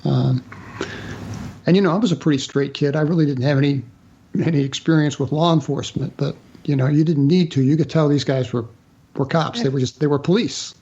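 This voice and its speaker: A man telling a personal story as a guest author in a radio interview, halting with fillers and restarts. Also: fairly high pitch, mellow, lo-fi sound.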